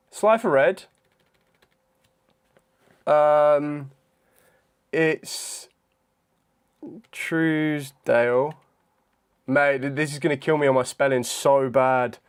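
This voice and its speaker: A young man chatting casually on a live stream, thinking out loud in a hesitant way with frequent ums. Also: on the high side, drawn-out words, long pauses, clear, resonant tone. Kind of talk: casual live-stream chat during a trivia quiz.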